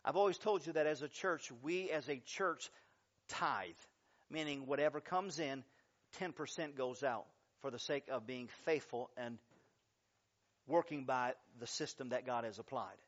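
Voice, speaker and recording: A man preaching a sermon as pastor, telling stories with lively, dramatic changes of voice when he acts out quotes. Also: measured pace, highs cut off. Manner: animated storytelling, acting out quotes with big pitch jumps.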